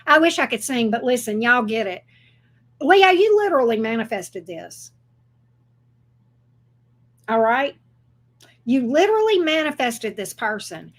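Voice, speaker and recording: A woman giving a casual tarot reading who talks in a chatty, excitable way and swears freely. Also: high-pitched, normal speed. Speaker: tarot reader.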